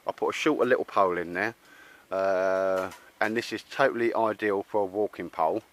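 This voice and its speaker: A man's voice: sits low, a little fast. A man with a Cockney accent chatting casually outdoors while showing a tarp shelter, laddish and calling everyone mate. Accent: London Cockney. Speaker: outdoor gear vlogger. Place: outdoors at a campsite.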